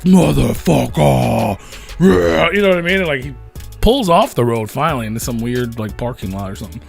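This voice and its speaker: A man casually telling a story as a podcast host, rambling and profane, loudly acting out the quotes. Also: mid-range voice.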